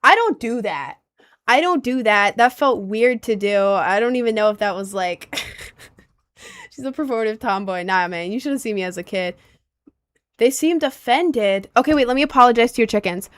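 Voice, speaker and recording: A young woman with a low voice, chatting casually on a livestream and reading out comments, playful and giggly. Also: animated, normal speed, pauses often. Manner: playful and giggly, with sudden squeaky bursts.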